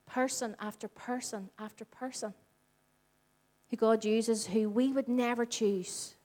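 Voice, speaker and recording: A congregation in a church hall listens as a Northern Irish woman in her forties delivers a conversational sermon. Her voice is fairly high and unhurried. As a church speaker, she tells stories with animation and acts out the quoted dialogue.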